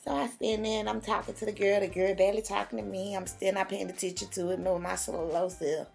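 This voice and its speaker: A young woman vlogger telling a storytime in casual slang, jumping up high when she quotes herself. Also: fairly quick, gravelly, faint music behind. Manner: animated, slangy, big pitch jumps for quoted lines. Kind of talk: storytime vlog, casual retelling.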